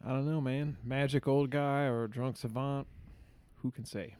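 A man's voice: medium pitch, fairly even intonation, normal speed, darkish tone, smooth, no echo. A man playing a tabletop game, speaking in character in a laid-back, wry way. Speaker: player.

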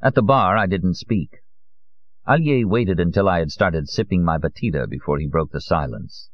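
Deep-voiced male audiobook narrator. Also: moderate pace, no room sound, highs cut off.

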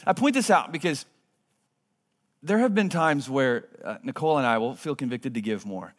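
A man's voice: mid-range voice, lively intonation, normal speed. Earnest pastor, man, reverberant hall. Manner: earnest, swings from hushed to emphatic. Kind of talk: sermon. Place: church sanctuary.

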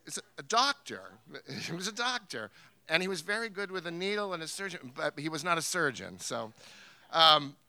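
A man's voice: mid-range voice, sharp tone, clean tone. A man from New Hampshire telling a wry, amused family story to a live theater audience. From New Hampshire, USA. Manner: wry, amused, laughs through his story. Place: theater stage.

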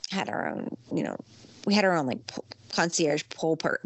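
A middle-aged woman chatting casually about a theme park trip, an animated storyteller who acts out quoted lines in a high voice. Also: normal speed, gravelly, slightly rough, no echo. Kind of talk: casual chat.

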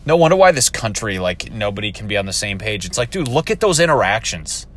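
A young man in a car, telling a profane, animated story about strangers at a store as a casual vlog rant. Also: lowish voice, fast. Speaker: vlogger. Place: in a car while driving.

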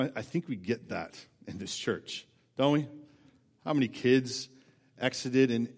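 A man preaching a sermon as pastor, earnest, moving from quiet reflective passages to fervent emphasis. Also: on the high side. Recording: church hall with long reverb.

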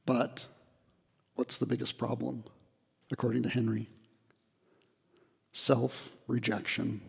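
A man giving a spiritual retreat talk in a hall, reflective and gently humorous, pausing often with fillers. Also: mid-range voice, creaky, husky. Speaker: retreat speaker.

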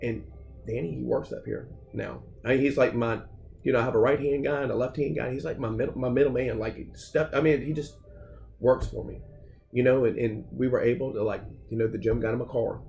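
A man who founded a gym, guesting on a podcast and telling his stories in an animated, rambling way, full of "man" and "you know". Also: medium pitch, a little fast, creaky, faint music behind. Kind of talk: casual interview storytelling.

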